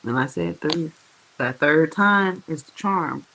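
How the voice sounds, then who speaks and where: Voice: medium pitch, lively intonation, bright, forceful tone, poor audio. Profane, slangy tarot reader talking to viewers. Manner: slangy, profane, chatty, addresses viewers directly; drawls words out slowly for emphasis. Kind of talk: casual tarot reading monologue.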